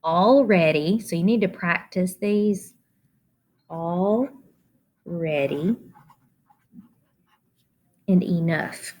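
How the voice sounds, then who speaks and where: A woman teacher walks children through a spelling lesson, slowly sounding out each letter. Her voice sits a little low, and her pace is unhurried and deliberate. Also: darkish tone. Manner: slow, sounding out letters one by one.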